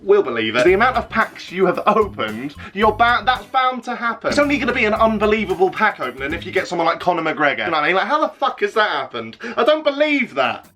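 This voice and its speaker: A sarcastic, sweary YouTuber in his twenties talks straight to his audience. His pitch leaps around animatedly, and his tone is bright and sharp. Faint music sits underneath. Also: big pitch swings, fast, hardly any pauses. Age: 20s. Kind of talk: casual vlog rant.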